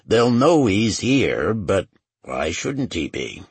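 A man's voice: lowish voice, big pitch swings, takes it slowly, breathy edge, dry recording, heavily acted. A man voicing a nervous older host. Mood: earnest.

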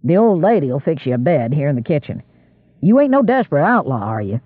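Man putting on an older squire, drawl, gruff, dry, deep, lively pitch. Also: fairly quick, no room sound, narrow, tinny audio.

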